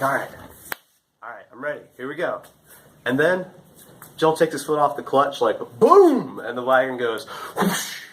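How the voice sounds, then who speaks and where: Young guy from the carolinas telling a story, animated, mid pitch, bit of hiss in the background. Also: rough recording. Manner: animated, acts out shouts and gestures. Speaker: storyteller, former farm intern. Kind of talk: casual storytelling.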